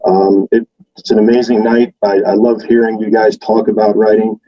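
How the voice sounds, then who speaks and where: A man's voice: fairly low pitch, level tone, normal speed, muffled recording. A man teacher giving proud, encouraging closing words to his students. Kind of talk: closing remarks.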